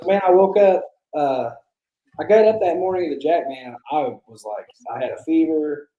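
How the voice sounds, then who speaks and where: A man's voice: a little high, moderate pace, warm tone, lo-fi sound. Rambling man telling crude stories, echoey room. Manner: rambling, profane, laughs through stories. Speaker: barbecue pitmaster guest. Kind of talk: casual storytelling chat.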